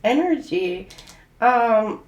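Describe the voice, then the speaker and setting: A woman's voice: fairly high pitch, expressive, drawn-out words, darkish tone, roomy sound, dull audio. A woman giving a casual tarot reading, gushing and giggling, with lots of fillers as she talks. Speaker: tarot reader.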